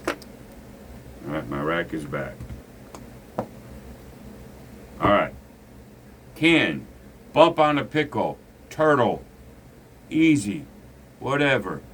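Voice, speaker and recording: A man's voice: medium pitch, big pitch swings, extremely slow, pauses often, a bit bright, slight background noise. A man teaching a casual craps lesson, blunt and preachy, swearing freely. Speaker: gambling instructor.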